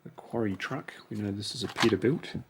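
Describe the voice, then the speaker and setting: In a brisk, fairly low voice, a toy car collector muses over each car he unboxes, chatting casually to himself. The background is noisy.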